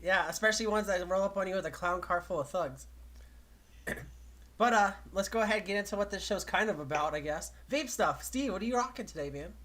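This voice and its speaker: Man, host, casual chat, bright voice, laid-back. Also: sits high, a little fast. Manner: laid-back, brief responses.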